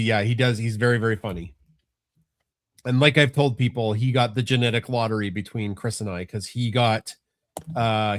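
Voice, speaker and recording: A man's voice: lowish voice, dry recording, clean studio sound. A middle-aged man, chatting casually on a family podcast, rambling and restarting often. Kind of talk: casual chat.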